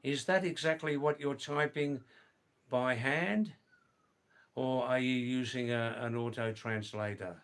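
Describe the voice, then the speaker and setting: Smooth-voiced middle-aged man chatting slowly. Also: medium pitch, steady tone. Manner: slow, deliberate, gently corrects viewers' English. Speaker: livestream host. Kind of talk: casual chat reading viewer comments.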